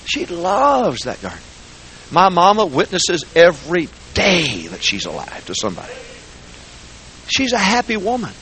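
A man preaching a folksy, joking sermon in a church, swinging between quiet asides and shouting. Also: high-pitched, wildly swooping pitch, a little slow, slight background noise. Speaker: guest preacher. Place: church sanctuary.

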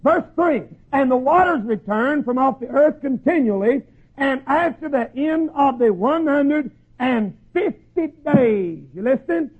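A man preaching a sermon in a folksy storytelling way, acting out voices and shouting at the peaks. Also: very high-pitched, lively intonation, a little slow. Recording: tinny phone-like lo-fi recording.

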